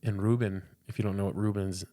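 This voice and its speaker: A man's voice: on the low side, level tone, quick pace, mellow. A young man and pastor, a podcast guest, telling a personal faith story in an earnest, casual way, often repeating words and saying "dude".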